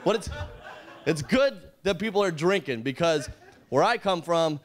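Young male stand-up comic, high lively voice, shouts his bits, club stage mic. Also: a little slow. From Calgary, Canada. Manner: animated, swings into loud shouting for quoted characters. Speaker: stand-up comedian. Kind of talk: stand-up set.

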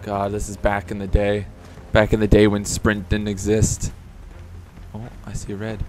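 A young man giving excitable, profane commentary as he plays a video game, often laughing. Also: on the low side, unhurried, over music. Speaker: let's play gamer. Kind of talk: casual gameplay commentary.

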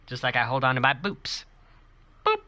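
A man streaming a video game live, chatting casually and excitedly with his viewers and cheering himself on. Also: medium pitch, moderate pace, no room sound. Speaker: gaming streamer.

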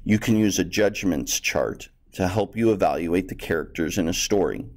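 A man's voice: low voice, normal speed. A male teacher reading a textbook story aloud to students and explaining vocabulary in a plain, explanatory way.

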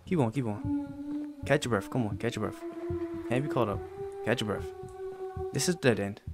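A man hosting a gaming channel, giving casual commentary on a horror game and yelping high when he gets scared. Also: lively intonation, fairly quick, over loud music. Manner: talks to game characters jokingly.

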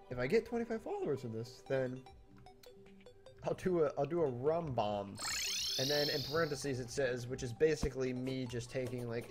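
A young man giving jokey, animated commentary as he plays a video game, talking to the game and to his viewers, a little tipsy. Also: medium pitch. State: tipsy from drinking. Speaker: gaming YouTuber. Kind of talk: let's play commentary. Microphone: desktop mic without pop filter.

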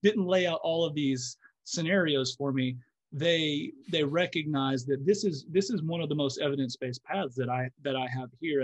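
This man, a guest physiotherapist on a casual podcast, talks through ideas in a thoughtful, explanatory way, often restarting his sentences. His voice sits at a medium pitch, and there's no echo.

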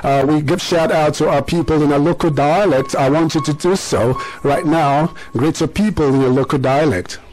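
A middle-aged man hosting a radio show, quick to praise his young guests and ask them to repeat things. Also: fairly high pitch, a little mellow, faint music behind, rough recording. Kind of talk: radio interview with schoolchildren.

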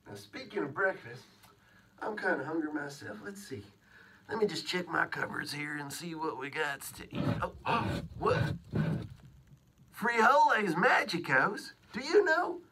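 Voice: mid-range voice, big pitch swings, moderate pace, a bit bright. A children's show host telling a storybook tale to kids, playful and exclaiming, talking straight to the boys and girls. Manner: playful, exclaiming, sings, addresses kids directly. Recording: distant mic with clear music.

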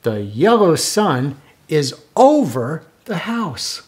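An older man reading a children's picture book aloud, slow and lively, stopping to ask young listeners questions. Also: a little high, husky.

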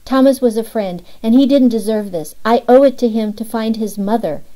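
A woman's voice: fairly high pitch, normal speed, dark tone, pitched above the performer's own voice, natural voice, rough recording. A woman narrator voicing a determined young woman who speaks earnestly about a friend.

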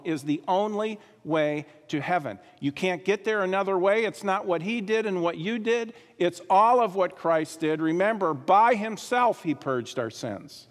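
Brief: male pastor, high-pitched, emphatic sermon delivery, long hall reverb. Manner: emphatic, repeats key phrases, drops to quiet asides. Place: church sanctuary.

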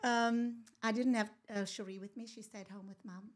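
A woman, telling her own story as a podcast guest, animated and rambling, laughing often and dropping into whispers. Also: a little high, moderate pace. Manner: animated, laughs often, drops to a whisper for asides and remembered thoughts; rambling, with many fillers and restarts. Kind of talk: casual storytelling in a conversation.

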